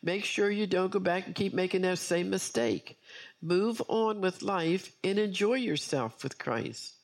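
A woman's voice: lowish voice, a little slow, vocal fry. A woman preacher delivering an earnest sermon with personal testimony, repeating key phrases for emphasis.

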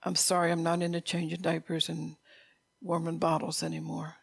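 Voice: medium pitch, completely flat delivery, moderate pace, gravelly, fairly bright tone, slightly rough, dry recording. A middle-aged preacher giving an informal sermon, blunt and repetitive, scolding listeners in a conversational way.

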